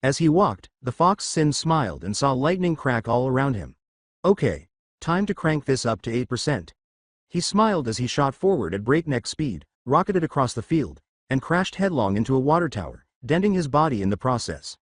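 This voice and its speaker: Man narrating fan fiction, lively pitch. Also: normal speed, hardly any pauses, dry recording, studio quality. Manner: steady storybook narration. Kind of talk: fan fiction story reading.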